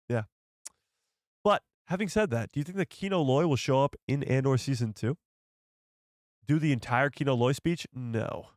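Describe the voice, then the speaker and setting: A man's voice: medium pitch, lively intonation, normal speed, no echo, studio quality. A man hosting a casual live stream, chatting to viewers and laughing often.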